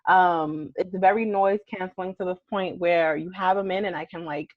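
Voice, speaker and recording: A woman's voice: on the low side, fairly even intonation, normal speed, no echo. Chatty woman host on a dull lo-fi mic. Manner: enthusiastic, chatty, repeats words. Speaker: podcast co-host reading an ad. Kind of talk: casual sponsor read.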